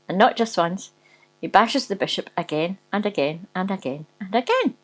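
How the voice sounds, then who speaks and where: A woman's voice: mid-range voice, lively intonation, normal speed, low-quality recording. A woman reading a rude comic story aloud, often giggling as she goes. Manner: giggly, breaking into laughter while reading.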